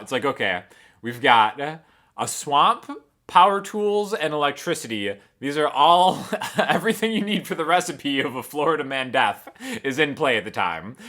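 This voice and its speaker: A man hosting a guitar channel, casually telling an animated story and chuckling often. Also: fairly high pitch.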